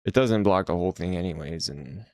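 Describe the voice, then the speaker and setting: A man's voice: deep voice, brisk, darkish tone, no room sound. A man streaming his indie game development, chatting to viewers in a hyped-up, rambling way. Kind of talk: casual livestream chat.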